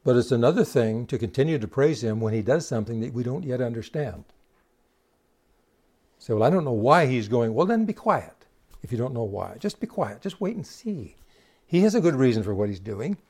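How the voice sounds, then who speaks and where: Mellow-voiced man preaching a sermon. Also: mid-range voice, very animated, fairly quick. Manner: asks the congregation rhetorical questions; retells scripture with quoted dialogue.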